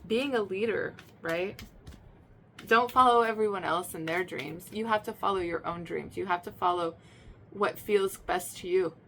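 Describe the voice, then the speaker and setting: A woman's voice: lowish voice, normal speed, a little hiss or hum. A woman giving a casual spoken tarot reading in a chatty, emphatic way, repeating herself, with many fillers and restarts. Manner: emphatic, swings to loud excited bursts. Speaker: tarot reader.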